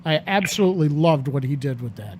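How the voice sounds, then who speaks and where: A man's voice: a little high, animated, fairly quick, a little hiss or hum. A man hosting an interview, asking questions with enthusiastic, gushing praise. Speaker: interviewer host.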